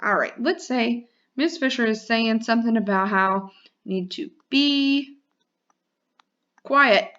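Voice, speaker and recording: Drawing out her words in a sing-song tone, a female teacher clearly leads a lesson for little kids. She has a fairly high, slightly bright voice and an unhurried pace, though the recording sounds dull.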